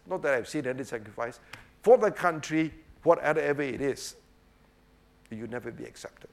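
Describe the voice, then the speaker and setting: This man delivers an emphatic, rhetorical sermon, frequently asking his listeners "right?" and leaning on the word "obviously." He speaks at medium pitch with lively intonation, taking his time, pausing often, and letting his voice drop into vocal fry.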